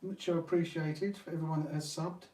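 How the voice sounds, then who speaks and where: A man's voice: fairly high pitch, steady tone, normal speed, dark tone. A man hosting a live hobby stream, chatting casually to viewers while he works on a repair. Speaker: RC hobby channel host. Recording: roomy, distant mic.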